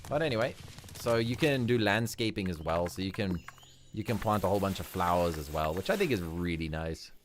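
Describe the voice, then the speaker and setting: Low, lively-voiced man streaming a game. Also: brisk, a little hiss or hum. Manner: upbeat, chuckles often. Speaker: livestream host. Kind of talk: casual gameplay commentary.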